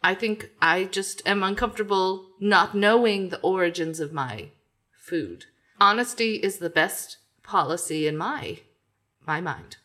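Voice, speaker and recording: A calm, polite chef who chooses her words carefully, played by a woman. Her voice is bright and lively in pitch. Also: unhurried. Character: measured woman chef judge.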